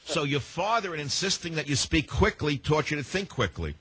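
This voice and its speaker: Sardonic older male radio host, husky. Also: on the high side, lively intonation, a little fast, a bit bright. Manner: sardonic, rambling, heavy sarcasm. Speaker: radio talk show host. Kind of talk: call-in talk radio.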